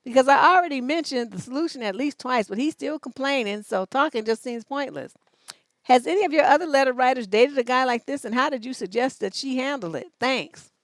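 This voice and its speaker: A woman's voice: high voice, expressive, fairly quick, no echo. A woman relationship coach on a livestream advice show, reading out letters and answering in a blunt, profane, scolding way.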